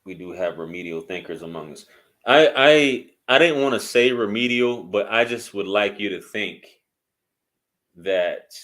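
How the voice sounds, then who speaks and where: A man's voice: fairly low pitch, expressive, a little slow, fairly bright tone. A man speaking bluntly and profanely in a casual commentary vlog, rambling with frequent restarts. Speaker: YouTube commentator.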